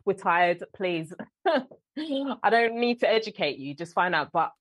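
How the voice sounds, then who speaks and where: A young adult woman with a London accent, telling lively stories as a guest in a conversational interview. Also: medium pitch, slow pace, slightly rough, dry recording. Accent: London English. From London, England. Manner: animated storyteller, mimics other people. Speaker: guest actress and filmmaker.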